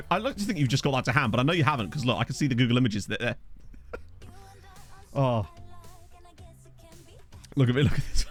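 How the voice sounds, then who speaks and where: A man's voice: medium pitch, expressive, brisk, long pauses, fairly bright tone, soft background music. A man chatting casually on a live game stream, self-mocking and laughing often, with hiccups. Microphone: desk USB microphone.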